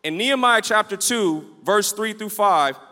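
A male pastor preaching a sermon in an animated, repetitive style, calling out to the room and acting out his stories. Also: high voice, normal speed. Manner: storytelling, acts out the scenes he describes. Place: church sanctuary with a livestream. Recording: echoey church hall.

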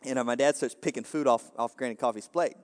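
Speaking fast in a mid-range voice, a man delivers a jokey, loose sermon in a big-sounding room. He rambles along, tossing off asides to the congregation and leaning constantly on "you know."

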